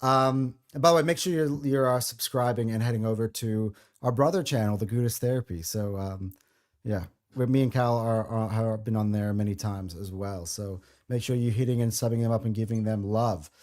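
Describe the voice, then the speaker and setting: A man's voice: lowish voice, moderate pace, a little mellow. A man hosting a football podcast, chatting in a friendly, enthusiastic way that is full of restarts. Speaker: podcast host. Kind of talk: casual football podcast chat.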